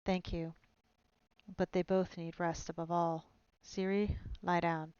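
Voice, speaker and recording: A woman's voice: fairly low pitch, level tone, takes it slowly, a little mellow, clear, resonant tone, no room sound, muffled recording. A woman reading aloud and voicing a terse, grim male monster hunter who speaks curtly and levelly. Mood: stern. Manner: curt, level.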